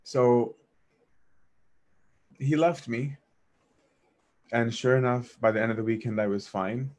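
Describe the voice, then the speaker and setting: A man's voice: medium pitch, darkish tone. Man, mid-range voice, casual storyteller: earnest, self-mocking, restarts sentences mid-thought. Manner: earnest, self-deprecating, quick asides and restarts. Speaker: speaker sharing a personal faith story.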